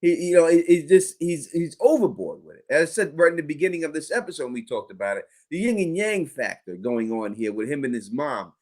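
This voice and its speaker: Animated man discussing a TV episode. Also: a little high, brisk, few pauses. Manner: animated, thanks viewers by name. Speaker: podcast co-host.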